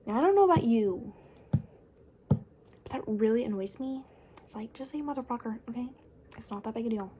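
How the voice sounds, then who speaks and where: A young woman's book vlog is a casual, sarcastic rant against books she dislikes, chatty and filled with fillers. Her slightly high voice is mellow and husky, expressive and brisk, though broken by long pauses.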